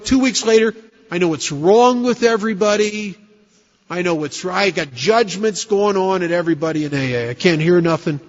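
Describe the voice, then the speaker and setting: A man tells his recovery story to a room in a blunt, self-mocking, conversational way. His voice sits high for a man. The recording is dull and lo-fi, with a long reverb from a big meeting hall. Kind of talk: personal recovery story told to an audience.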